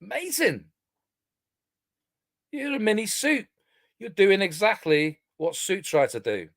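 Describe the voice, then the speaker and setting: A man's voice: high-pitched, wildly swooping pitch, slow, fairly bright tone, no echo, studio quality. A man on a live stream panel, mocking and taunting the host. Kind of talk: heated live stream argument.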